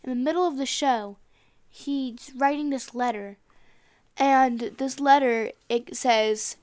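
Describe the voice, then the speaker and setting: Fairly high-pitched woman, chatty and excitable, retelling a show to a friend. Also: takes it slowly, clean tone. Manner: excitable, animated storytelling. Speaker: podcast co-host recapping an episode. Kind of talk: casual chat.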